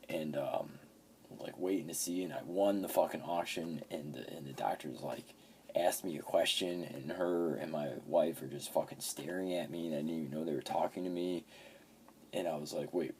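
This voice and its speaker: A man's voice: extremely low pitch, moderate pace, darkish tone, slight background noise. A man in his fifties casually talking about his video game pickups, swearing often and telling rambling stories. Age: 50s. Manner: profane, rambling storyteller. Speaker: game collector.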